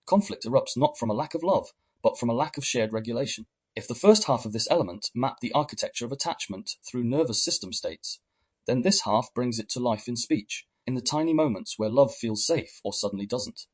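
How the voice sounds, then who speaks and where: Husky-voiced man narrating calmly. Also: mid-range voice. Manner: measured, explanatory, reflective. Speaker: podcast host. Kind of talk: scripted reflective narration.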